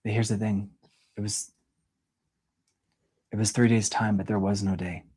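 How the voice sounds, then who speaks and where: A man reading the part of a young woman from an underground world in an audition scene, speaking in a hushed, grave storytelling manner. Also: on the low side, level tone, unhurried, husky.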